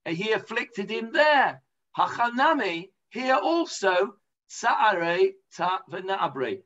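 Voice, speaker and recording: A man's voice: sits high, big pitch swings, slow, fairly bright tone, lo-fi sound. A man with an English accent teaching an informal Talmud class, chatty and full of hesitations. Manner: chatty explaining, lots of hesitations.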